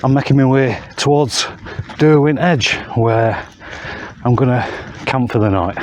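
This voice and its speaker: A man's voice: medium pitch, moderate pace, darkish tone, a little hiss or hum. A man vlogging casually while hiking uphill outdoors, chatty and self-mocking, a bit out of breath. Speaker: wild camping vlogger. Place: outdoors on hillside moorland.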